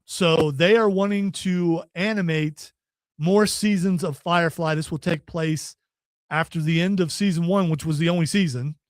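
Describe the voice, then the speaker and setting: Man, high voice, dry close sound, folksy host chatter. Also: no echo. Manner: folksy, joking, plugs events. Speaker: podcast host. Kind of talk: casual chat.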